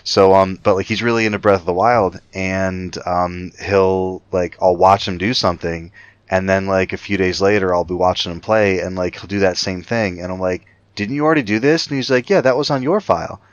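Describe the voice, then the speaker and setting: Animated low-voiced male podcast co-host. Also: normal speed, clean tone, dry recording, dull audio. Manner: animated, jumps into high voices when quoting his kids. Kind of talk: casual chat.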